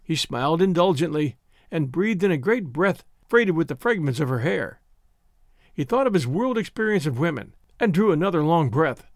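A man reading a novel aloud as narrator, dramatic and expressive. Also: a little high, moderate pace, no room sound, studio quality. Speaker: audiobook narrator.

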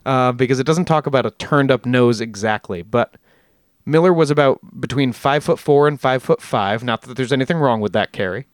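A man's voice: medium pitch, fairly quick, dry recording, studio quality. A man hosting a podcast, telling a story in a casual, rambling way with jokey asides and frequent self-corrections. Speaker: podcast host.

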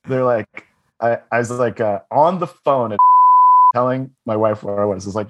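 A man's voice: mid-range voice, wildly swooping pitch, unhurried, muffled recording, very noisy. A man on a podcast telling rambling comic stories, laughing often and swearing. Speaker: podcast guest. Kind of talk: casual comedic storytelling.

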